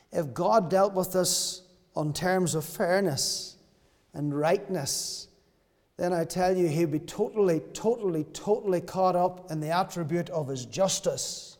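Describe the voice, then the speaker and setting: A man's voice: fairly high pitch, a little mellow, in a large hall. A man preaching a sermon at a church service, impassioned and acting out the voices of characters in the story he tells. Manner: impassioned, acts out voices of the brother and father.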